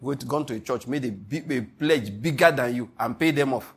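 Husky-voiced preacher man, emphatic. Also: mid-range voice, brisk. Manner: emphatic preaching, asks the congregation questions. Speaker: pastor. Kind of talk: sermon.

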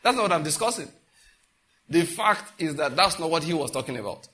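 A man delivers a sermon as pastor, his voice sitting a little high for a man. He preaches emphatically, swinging his pitch and loudness up and down. He keeps throwing rhetorical questions at the congregation. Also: animated, a little fast.

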